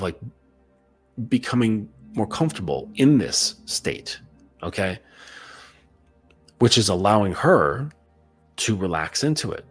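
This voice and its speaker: Low husky guy coaching, chatty and loose, lots of "like" and "okay?", faint music behind. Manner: loose and conversational, full of "like" and "okay?" check-ins. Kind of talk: casual instructional monologue.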